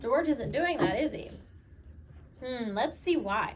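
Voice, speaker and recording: A woman teacher reads picture books aloud to a child, asking questions and encouraging answers. Her voice is high, and she takes her time. The recording is slightly dull, with faint noise behind it. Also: slow, pauses often. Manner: animated, encouraging, asks questions.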